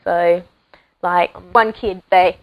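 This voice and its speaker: A woman's voice: on the low side, steady tone, slow pace, low-quality recording. A seventeen-year-old girl with a Western Australian accent, talking loosely about herself with lots of fillers. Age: teens. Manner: chatty, loose, many fillers and likes. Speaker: student speaker. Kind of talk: casual spoken monologue.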